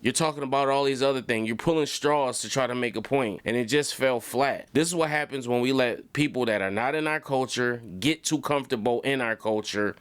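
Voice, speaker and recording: A man giving blunt reaction commentary in a casual, conversational way. His voice is smooth and resonant, recorded close and dry. He often circles back and repeats a phrase to drive it home. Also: mid-range voice, fairly quick, few pauses, dry recording. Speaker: commentary channel host.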